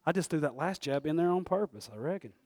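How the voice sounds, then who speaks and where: Male pastor, high voice, folksy and animated, dry close sound. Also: fast talker, no echo. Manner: folksy, animated, swings between loud and hushed. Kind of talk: sermon.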